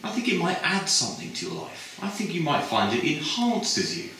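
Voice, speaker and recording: A man voicing a gushing young woman postgraduate who coaxes her friend, raising his voice high and speaking breezily. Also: huge pitch swings, normal speed, sharp tone, slight background noise, heavily acted. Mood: coaxing. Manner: breezy, persuasive, falsetto-raised. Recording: echoey hall from a distant mic.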